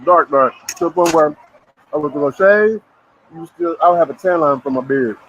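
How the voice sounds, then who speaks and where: A man chatting casually with viewers while he eats, relaxed and joking. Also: a little high, brisk, dull audio, slight background noise. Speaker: vlogger. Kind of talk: casual live-stream chat while eating.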